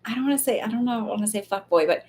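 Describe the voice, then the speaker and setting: A woman's voice: fairly high pitch, rapid-fire, darkish tone. A woman speaking as a psychic medium in a casual live reading, chatty and loose, full of fillers and the odd swear.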